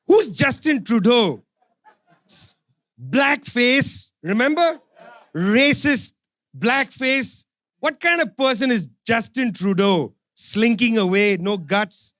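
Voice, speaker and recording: Brief: male speaker, high voice, fiery sarcastic rally speech, dry close sound. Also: fairly bright tone, no room sound. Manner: sarcastic, repeats phrases for emphasis. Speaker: speaker at a political forum. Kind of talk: impassioned public speech. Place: forum event hall.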